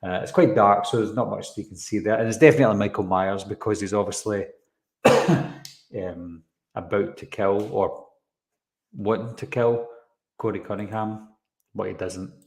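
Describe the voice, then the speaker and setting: A man with a fairly low voice hosts a casual live stream and talks loosely as he breaks down a trailer. He often drifts off topic and stops to answer viewers' comments. His voice rings with the echo of a roomy space. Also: fairly even intonation, normal speed, long pauses. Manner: rambling, goes off on tangents, reads and answers chat comments. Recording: roomy echoey room sound.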